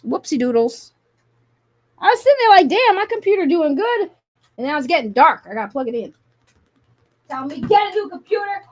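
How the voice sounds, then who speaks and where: A woman hosting a casual live call-in stream, talking loudly and sassily, swearing, and rambling into her desk microphone. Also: high voice, sing-song, a little fast, pauses often. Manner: loud, sassy and profane, with rambling rants. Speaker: live call-in show host.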